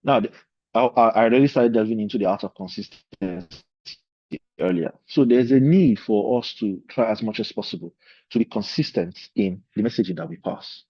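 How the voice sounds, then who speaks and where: Guy teaching a leadership class, lowish voice, rambly asides, dull lo-fi sound. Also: a little fast, slightly rough, dry recording. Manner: discursive, talks in loose run-on asides. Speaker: leadership course instructor. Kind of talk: informal lecture. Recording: slightly dull, lo-fi recording.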